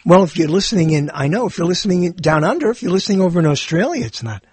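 A man's voice: high voice, big pitch swings, racing, a little mellow, breathy edge, no echo. A man hosting his own show, rambling playfully and amusing himself as he talks. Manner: playful, meandering, self-amused with frequent laughs. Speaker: podcast host. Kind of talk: rambling solo monologue.

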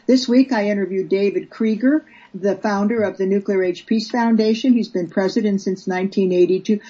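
A woman's voice: mid-range voice, steady tone, fairly quick, warm tone, husky, dull audio. An older woman, a guest in a casual interview, telling stories earnestly and acting out the voices she quotes. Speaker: guest, peace activist.

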